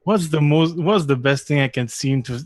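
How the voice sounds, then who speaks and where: A man's voice: fairly high pitch, moderate pace, dry recording. A man playing a tabletop role-playing game, casual and joking. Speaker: player.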